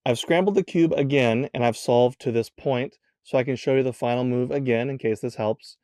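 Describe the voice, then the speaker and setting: A man's voice: medium pitch, moderate pace, darkish tone, faint music behind. A man hosting a step-by-step puzzle tutorial in a casual way, counting the moves aloud as he demonstrates them. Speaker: tutorial host.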